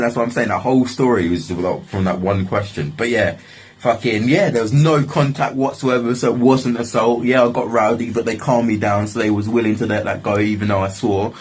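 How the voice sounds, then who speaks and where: A man's voice: on the low side, fairly even intonation, fairly quick, slightly rough, rough recording. A young man telling a story in a casual, rambling way, swearing often and leaning on filler phrases. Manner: swearing, rambling, repeats "like, literally".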